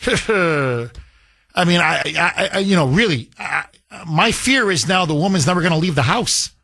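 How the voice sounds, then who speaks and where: A man hosting a talk radio show, speaking in an indignant, animated way and taking calls. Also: on the high side, measured pace, gravelly. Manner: animated, indignant, repeats phone number.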